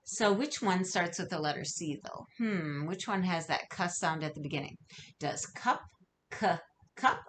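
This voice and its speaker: A woman's voice: on the low side, a little hiss or hum. A woman teaching a phonics lesson to young children, speaking patiently and encouragingly, stretching out sounds. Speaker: kindergarten teacher. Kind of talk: recorded remote phonics lesson.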